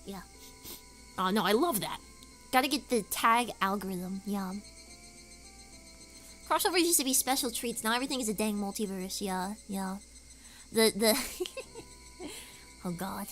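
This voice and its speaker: A woman's voice: medium pitch, animated, normal speed, pauses often, fairly bright tone, faint music behind. A woman streamer chatting casually, rambling through stories with lots of filler words. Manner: rambling, filler-heavy storytelling.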